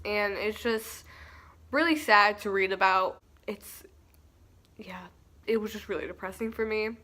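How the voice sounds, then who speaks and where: A woman's voice: mid-range voice, a bit bright. A young woman giving a casual, chatty and earnest spoken book review. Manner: chatty and earnest, with fillers and restarts.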